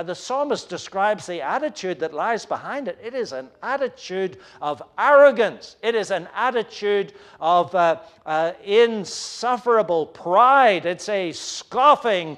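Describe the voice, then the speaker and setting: Man, preacher, sermon, high-pitched voice, earnest, hesitant. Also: fairly bright tone. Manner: earnest, searching, with frequent hesitations.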